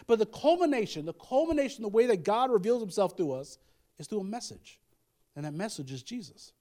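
A man with a high, light voice delivers a sermon. He talks in a loose, conversational way, repeating phrases and tossing in asides to the congregation. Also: darkish tone. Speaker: pastor.

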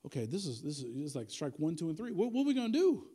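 A man's voice: fairly high pitch, sing-song, racing, warm tone. A man preaching a sermon as pastor, dynamic and conversational, repeating key lines for emphasis with folksy asides.

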